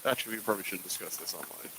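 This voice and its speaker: A man's voice: fairly low pitch, expressive, fast talker, very noisy. A man co-hosting a casual podcast, talking in a loose, jokey, rambling way and swearing freely. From Canada. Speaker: podcast co-host. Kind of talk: casual chat.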